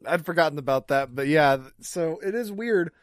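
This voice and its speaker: A man co-hosting a casual wrestling review podcast, relaxed, reading out match details with quick laughs. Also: a little high, no echo, studio quality. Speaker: podcast co-host.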